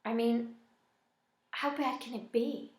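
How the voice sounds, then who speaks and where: A woman voicing a caring teenage boy who speaks softly and hesitantly in a novel reading. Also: on the high side, steady tone, takes it slowly. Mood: sorry. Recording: echoey room.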